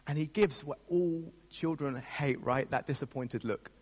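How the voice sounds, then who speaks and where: A man's voice: on the high side, unhurried, few pauses. A man pastor giving a sermon, telling a personal story in a self-mocking way and laughing at himself. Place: church. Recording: long reverb of a church hall.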